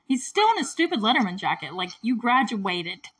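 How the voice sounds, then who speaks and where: A woman's voice: a little high, sing-song, moderate pace, a bit bright, breathy edge. Chatty, indignant woman recapping a movie. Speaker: movie reviewer.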